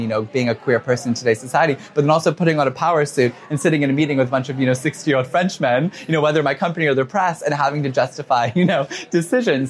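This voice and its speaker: A man in his twenties answering interview questions, talking quickly and emotionally with many fillers and quoted asides. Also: mid-range voice. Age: 20s. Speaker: fashion designer, interview guest.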